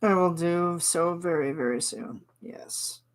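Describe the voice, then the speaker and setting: A woman's voice: on the low side, slow pace. A woman from Canada chatting casually with her viewers on a stream, giggling and answering chat. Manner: chatty and giggly, reads chat replies aloud.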